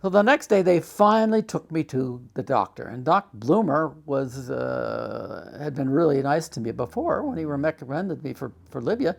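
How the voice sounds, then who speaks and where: An older man in a documentary interview, telling a personal story with halting restarts and rising agitation. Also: on the high side, lively intonation, gravelly.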